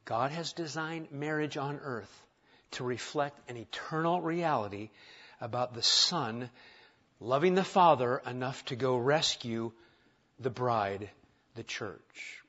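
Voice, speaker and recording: A man's voice: medium pitch, takes it slowly, fairly bright tone, dull audio. A man preaching a sermon in a church, conversational, with rhetorical questions and light humor. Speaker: pastor. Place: church sanctuary.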